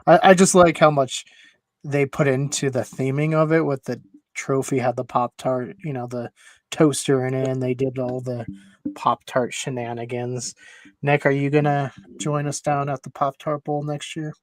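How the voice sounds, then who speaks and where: A man's voice: mid-range voice, flat delivery, normal speed, dry recording. A man hosting a casual sports podcast, easygoing and chatty, steering the talk with questions. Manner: easygoing, chatty, laughs often. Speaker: podcast host.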